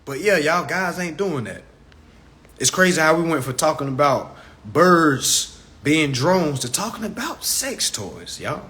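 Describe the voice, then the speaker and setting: A man rants casually into his phone on a live stream, his voice high and swinging widely as he talks. He speaks straight to his viewers, slipping into other people's voices to act out what they say. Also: unhurried. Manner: animated, addresses viewers as y'all, acts out others.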